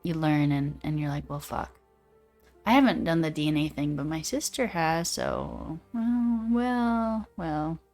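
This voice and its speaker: A young woman hosts a livestream in casual, easygoing chat, reading out viewer comments and riffing on them playfully. Her voice sits a little on the low side. Faint music plays quietly behind her. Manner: chatty, laid-back, quotes AI voices playfully. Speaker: livestream host.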